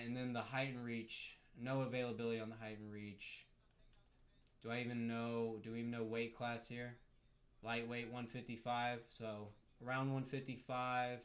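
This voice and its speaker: Casual man commentating in an echoey room. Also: medium pitch. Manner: chatty, jokey, reads chat aloud. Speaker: live-stream host. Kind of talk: casual live-stream commentary. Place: home room.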